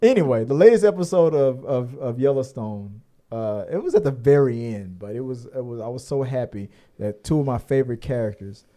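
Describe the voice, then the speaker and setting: A man's voice: medium pitch, expressive, a little fast, few pauses, warm tone. A man co-hosting a casual podcast, rambling with many fillers and restarts and the odd curse. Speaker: podcast co-host. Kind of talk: casual chat.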